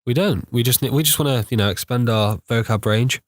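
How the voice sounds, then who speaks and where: A man's voice: mid-range voice, brisk, no room sound, clean studio sound. A man co-hosting a podcast in a playful, casual way, often restarting with repeated words. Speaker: podcast co-host. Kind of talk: casual chat.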